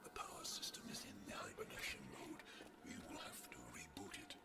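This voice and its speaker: A performer voicing a creepy game guide character in breathy whispered dialogue. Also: high voice, big pitch swings, fairly quick. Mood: eerie. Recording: game audio with loud music.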